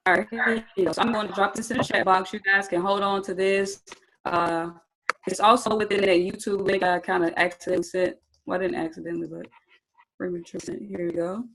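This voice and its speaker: Southern woman, trading instructor on a webinar, video call mic, chatty and encouraging, medium pitch. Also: fairly even intonation, brisk, a bit bright, slight background noise. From Atlanta, Georgia. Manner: chatty, upbeat and encouraging, addresses viewers directly. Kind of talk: live online training webinar.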